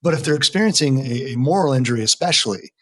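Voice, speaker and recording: As a guest in a casual podcast interview, a middle-aged American veteran mental health worker speaks fast, animated, earnest, and emphatic. His medium-pitched, slightly bright voice sounds close and dry, without room echo.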